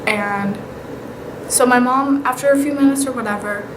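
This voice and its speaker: A young woman vlogger telling paranormal stories in a casual, animated way. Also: fairly high pitch, normal speed. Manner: chatty, animated, with whispered asides. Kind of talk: casual storytelling. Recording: echoey room with clear background noise.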